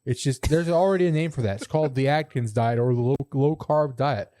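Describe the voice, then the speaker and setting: A man's voice: medium pitch, brisk, warm tone, no room sound, clean studio sound. A young man co-hosting a casual podcast, ranting bluntly about things that annoy him. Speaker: podcast co-host. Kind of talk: casual chat.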